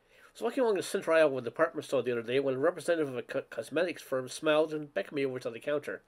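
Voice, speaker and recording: A man's voice: on the high side, expressive, quick pace, darkish tone. A man reading a humorous essay aloud, with occasional stumbles over words. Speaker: reader.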